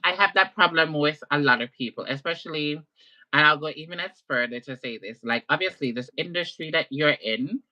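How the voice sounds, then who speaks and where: A woman guest in a casual livestream chat, with a deep, husky voice, talking candidly in a rambling way full of fillers. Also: fairly quick, bright, forceful tone, muffled recording.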